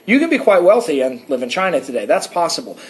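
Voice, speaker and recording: A man's voice: on the high side, very animated, fast, slight background noise. An American man co-hosting a podcast in casual, analytical chat, talking at length and reading excerpts aloud. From United States. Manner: talkative, digressive, reads excerpts aloud. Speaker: podcast co-host.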